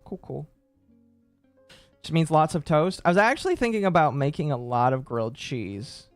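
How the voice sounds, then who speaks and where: A man's voice: fairly high pitch, animated, normal speed, no echo, soft background music. A man in his late twenties, casually chatting on a stream and answering chat, rambling and correcting himself as he goes. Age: late 20s. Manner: rambling, self-correcting, chuckling.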